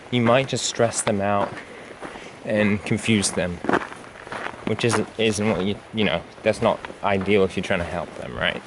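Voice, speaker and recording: A man's voice: on the low side, noisy background. A man vlogging outdoors on an uphill trail, slightly out of breath, rambling with lots of fillers, recorded on a handheld camera. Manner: rambling, musing, with filler words. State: panting from climbing uphill. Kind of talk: casual talk while hiking.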